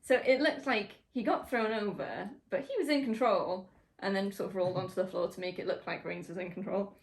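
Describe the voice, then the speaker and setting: A woman's voice: medium pitch, fairly quick, gravelly. A woman co-hosting a casual chat about wrestling, laughing often as she talks. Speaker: podcast co-host.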